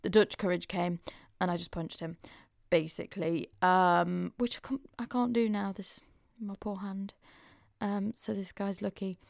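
A woman's voice: mid-range voice, steady tone, normal speed, gravelly, no room sound, studio quality. A young woman hosting a podcast, chatting frankly and openly with lots of casual fillers. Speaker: podcast host. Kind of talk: casual confessional chat.

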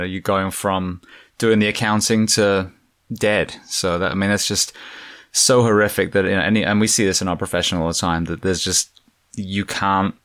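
A man with a very low, deep voice and an English accent talks reflectively as a podcast host, pausing and using fillers. The sound is dry and close. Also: fairly bright tone, no room sound. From England. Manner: reflective, halting, with many fillers. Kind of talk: casual interview conversation.

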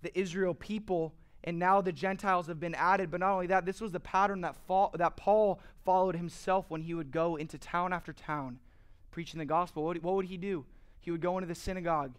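A man's voice: sits high, fairly even intonation, a little fast, clean tone. A man preaching a sermon earnestly, asking rhetorical questions and building to emphatic passages. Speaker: pastor.

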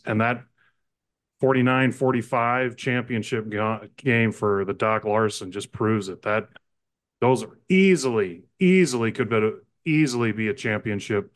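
A man co-hosting a sports podcast, chatting excitedly about high school games and often correcting himself mid-sentence. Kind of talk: casual sports talk.

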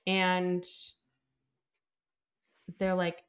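A woman talking casually with a co-host about a novel, recapping scenes. She acts out the characters' lines with quick, animated voices as she tells the story. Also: fairly low pitch, clean tone, highs cut off. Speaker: podcast co-host. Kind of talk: casual book-club chat, retelling chapters.

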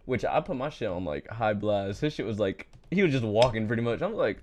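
A man co-hosting a casual chat with a friend, playful and excitable, cutting in with eager slangy remarks. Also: on the low side, fairly quick, slight background noise. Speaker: podcast co-host.

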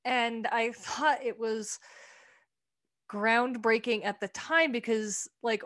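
A woman co-hosting a casual chat, talking candidly, swearing bluntly when annoyed and acting out quoted lines. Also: mid-range voice. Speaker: podcast co-host. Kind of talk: casual chat reviewing a comedy show.

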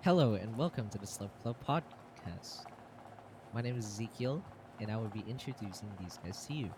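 A man's voice: lowish voice, lively intonation, moderate pace, noisy background. A young man hosting a casual podcast, giggling and restarting his introduction. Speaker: podcast host.

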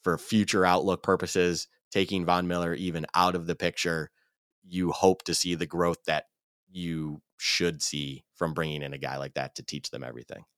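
A man's voice: low voice, flat delivery, moderate pace, a bit bright, clear, resonant tone, no echo, clean studio sound. A man co-hosting a sports podcast, chatting casually and with enthusiasm. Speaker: podcast co-host.

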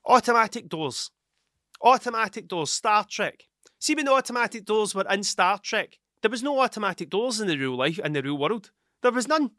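A man's voice: high voice, animated, normal speed, pushed and bright, dry recording, studio quality. A man, a father, rambling through a casual solo podcast monologue, swearing often and losing his train of thought. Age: adult with children. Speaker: podcast host.

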